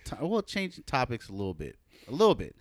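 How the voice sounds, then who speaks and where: A man's voice: medium pitch, wildly swooping pitch, fast, crowd noise. A man co-hosting a podcast, telling a long story in casual, profane chat with lots of fillers. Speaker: podcast co-host.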